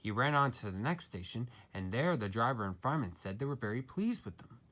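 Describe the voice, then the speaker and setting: Male storybook reader, animated pitch, husky tone. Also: brisk. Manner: expressive storybook reading. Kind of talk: reading a children's story aloud.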